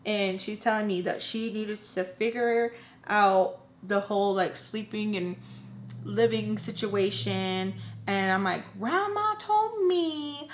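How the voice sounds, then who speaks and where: A storytime vlogger in her twenties recounts an emotional personal story to her audience, hammering points home with repeated "okay?" in an animated, emphatic way. Her mid-range voice is unhurried, with a little hiss or hum and a roomy echo from the space.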